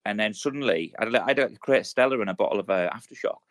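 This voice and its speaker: A man's voice: lowish voice, lively intonation, very fast. A man, an ex-soldier co-hosting a podcast, telling sweary stories in casual chat and acting out quotes. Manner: sweary storytelling, acts out quotes.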